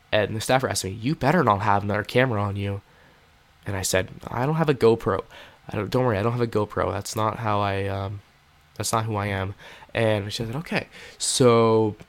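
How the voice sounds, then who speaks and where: A man telling a first-person story in a casual, earnest way, with many fillers and restarts. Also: fairly low pitch. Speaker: podcast host.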